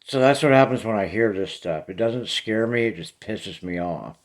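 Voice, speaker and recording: Plainspoken man with a lowish voice, a paranormal vlogger talking straight to camera. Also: normal speed. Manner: blunt and plainspoken. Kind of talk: casual talk to camera.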